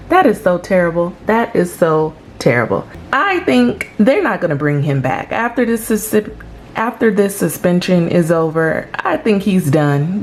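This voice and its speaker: A woman hosts a celebrity gossip vlog in a casual, chatty way. Her voice sits a little low for a woman, and she leans hard on her points with big dramatic reactions. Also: darkish tone. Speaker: celebrity gossip channel host.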